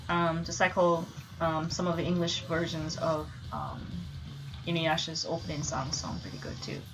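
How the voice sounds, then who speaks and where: Animated young woman ranting on a stream. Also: deep voice, normal speed, music in the background, low-quality recording. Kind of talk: casual live-stream chat.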